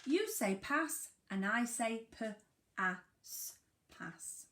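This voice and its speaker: Slow sing-song woman teaching phonics. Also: medium pitch, lively intonation, fairly bright tone, a little hiss or hum. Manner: slow, sing-song, emphatic sounding out of words. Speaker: primary school teacher. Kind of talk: phonics lesson for young children. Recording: echoey room.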